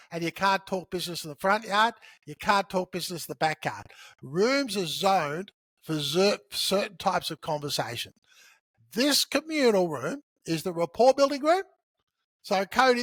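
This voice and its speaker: A high-pitched man speaks as a podcast guest, explaining his approach in a lively, conversational way. He often acts out short bits of dialogue. The recording is close and dry, with no room echo. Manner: animated storyteller who acts out dialogue. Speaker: podcast guest, sales author. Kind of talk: conversational teaching.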